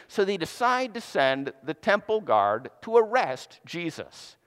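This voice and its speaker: A man's voice: high-pitched, sing-song, measured pace, fairly bright tone, clean tone. A man preaching a sermon, retelling a scripture story in a casual, conversational way with playful asides. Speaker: pastor. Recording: long hall reverb.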